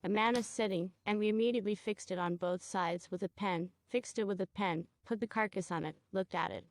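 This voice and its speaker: A woman teaching a cosmetology procedure, guiding a student step by step and checking in with quick questions. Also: mid-range voice, no room sound. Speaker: cosmetology instructor. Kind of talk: hands-on training demonstration.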